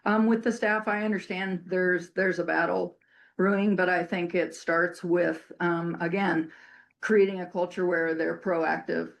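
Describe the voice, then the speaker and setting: A woman's voice: lowish voice, steady tone, a little slow, vocal fry. A woman on the city council, answering questions and giving a persuasive closing statement at a community candidate forum. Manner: earnest, persuasive speech with a rallying tone. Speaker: city council member running for mayor.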